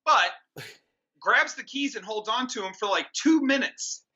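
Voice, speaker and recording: A man's voice: extremely high pitch, animated, unhurried, sharp tone, muffled recording. A man co-hosting a comedy movie review podcast, sarcastic and incredulous as he mocks the film. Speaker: co-host of a movie review show.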